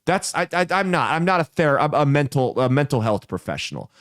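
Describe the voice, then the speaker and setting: A man's voice: on the high side, big pitch swings, a little fast, fairly bright tone, dry recording, clean studio sound. A man hosting a comedic commentary podcast, ranting bluntly and sarcastically with lots of profanity. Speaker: podcast host.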